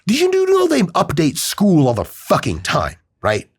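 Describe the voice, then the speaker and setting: A man's voice: high voice, normal speed, husky, no room sound, clean studio sound. A man hosting a podcast in casual chat, swearing freely and acting out quoted voices. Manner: profane, animated, acts out quoted voices. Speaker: podcast host.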